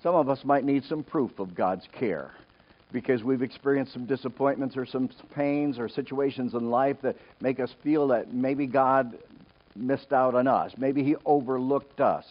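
A middle-aged man preaches a sermon in an ordinary mid-range voice. He is earnest and directs his congregation, moving from loud emphasis to quiet storytelling. The recording is dull and lo-fi. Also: mid-range voice, moderate pace. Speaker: pastor.

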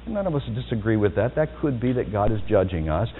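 A man preaching a sermon as pastor, swinging from soft, low asides to loud, high-pitched exhortations. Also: big pitch swings, fast talker, slight background noise. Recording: tinny phone-like sound in a reverberant hall.

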